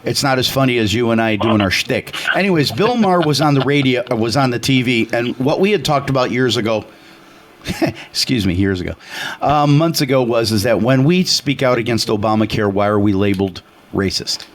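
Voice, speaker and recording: A man's voice: mid-range voice, brisk. A man hosting a casual political talk radio show, telling stories in a rambling, opinionated way with lots of fillers.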